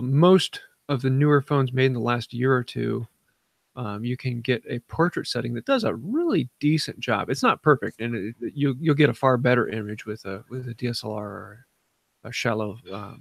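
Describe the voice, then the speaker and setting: Male podcast host, mid pitch, gravelly, dry sound, steers topics. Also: dry recording. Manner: steers the talk, halting with fillers. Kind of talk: casual podcast chat.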